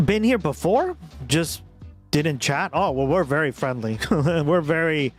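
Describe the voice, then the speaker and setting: Male streamer with a Boston accent, casual and profane, fairly high voice, soft music bed. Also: sing-song, slow. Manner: chatty, talks to his chat, swears casually. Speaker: streamer reacting to a video. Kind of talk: casual live-stream commentary. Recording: faint music behind.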